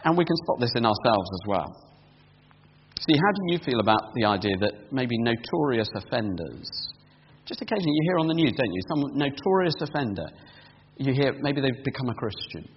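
A man preaching a sermon, explaining a passage point by point, building to emphatic peaks and then dropping quiet and close. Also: mid-range voice, very animated, brisk. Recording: dull lo-fi sound with long hall reverb and faint hum.

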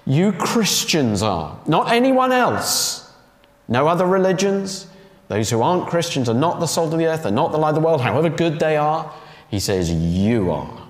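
A man delivering a sermon in a slightly high, very animated voice that rises and falls as he presses each point home. He leans on repetition and rhetorical questions. The sound carries a long, roomy reverb from a church hall. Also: moderate pace. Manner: emphatic, repeats key phrases and asks rhetorical questions. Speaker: preacher.

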